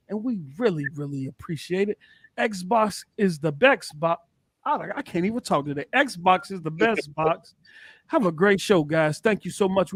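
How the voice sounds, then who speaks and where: Male podcast host, high voice, easygoing banter, dry close mic. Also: no room sound. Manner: laughing, shouting out chat names. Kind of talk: casual gaming podcast chat.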